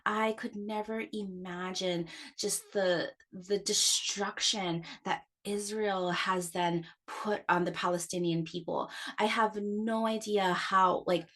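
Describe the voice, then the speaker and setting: A middle-aged woman, an astrologer hosting her own podcast, talking frankly and with passion in a personal monologue, cursing, restarting phrases and jumping up sharply in pitch for emphasis. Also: steady tone, slow, a bit bright.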